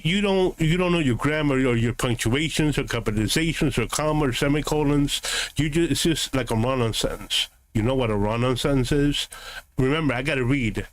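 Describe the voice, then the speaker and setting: A man streaming a game, answering his live chat in a combative, sarcastic, lecturing way. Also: medium pitch.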